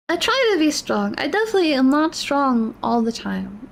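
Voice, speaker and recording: High-voiced woman chatting on stream. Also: very animated, normal speed, vocal fry, hardly any pauses, slight background noise. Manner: rambling, apologetic, emotional, many restarts. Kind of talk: casual livestream chat.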